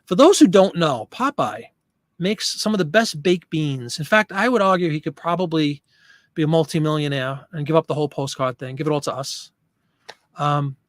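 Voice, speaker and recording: A man's voice: on the high side, expressive, moderate pace, dry recording, studio quality. Chatty man hosting a live stream. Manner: chatty, rambling, reading out viewer comments. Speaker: host. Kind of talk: casual live-stream chat.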